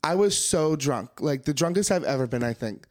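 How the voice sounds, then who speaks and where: A young man co-hosting a podcast, his voice sitting a little high for a man. He tells stories bluntly, swears freely and keeps things loose and casual. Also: lively intonation, normal speed, darkish tone. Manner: profane, blunt storytelling. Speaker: podcast co-host. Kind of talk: casual chat.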